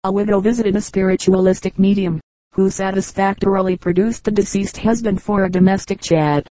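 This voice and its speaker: A woman reading a collection of humorous anecdotes aloud in an even, measured storytelling manner. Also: medium pitch, dry recording, poor audio. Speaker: audiobook reader. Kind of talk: scripted narration of humorous anecdotes.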